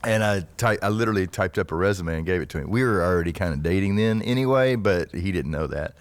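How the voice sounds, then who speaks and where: Deep-voiced man telling stories with laughs. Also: expressive, fast talker, clear, resonant tone. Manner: chatty, laughs easily while telling stories. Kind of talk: casual storytelling on a podcast.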